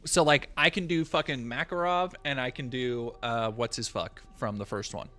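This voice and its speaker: A man's voice: medium pitch, fairly even intonation, moderate pace, a bit bright. A young man chatting on a live stream in a rambling, profane, jokey way, often restarting his sentences. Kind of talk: casual live-stream chat.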